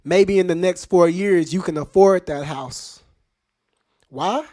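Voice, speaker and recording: A podcast host speaks slowly in a high-sitting, darkish voice, addressing his listeners directly. His casual commentary is emphatic and packed with rhetorical questions.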